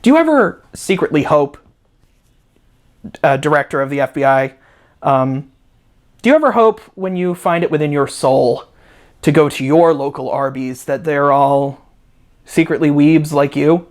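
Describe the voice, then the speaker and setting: A man's voice: a little high, expressive, measured pace, long pauses. A man hosting a comedic review video from home, ranting in a sarcastic, profane, rambling way. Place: at home with a dog.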